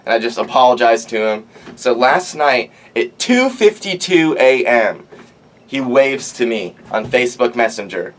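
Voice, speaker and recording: A man's voice: mid-range voice, unhurried, a little hiss or hum. Rambling, profane young man telling stories. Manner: rambling, profane, animated, lots of "like". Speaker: podcast host. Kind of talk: casual storytelling monologue. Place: outdoors.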